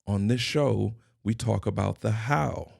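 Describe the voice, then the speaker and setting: A man's voice: lowish voice, a little slow, vocal fry, a little mellow, dry recording, studio quality. A middle-aged man hosting his own podcast, delivering a scripted motivational monologue in emphatic, repeated declarations. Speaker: podcast host and consultant.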